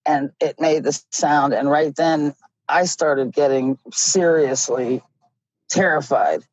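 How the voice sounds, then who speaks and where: Slow, low-voiced woman telling a story. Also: dry recording. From Ohio. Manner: slow, animated storyteller who laughs often. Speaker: guest. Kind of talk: casual storytelling. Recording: dull lo-fi audio.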